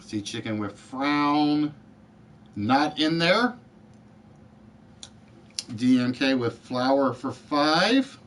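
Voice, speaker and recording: A man hosting a live-streamed word game show, calling out letters and players' answers in a deliberate, friendly patter. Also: medium pitch, expressive, fairly bright tone, slight background noise. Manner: deliberate, spells out letters and addresses players by name.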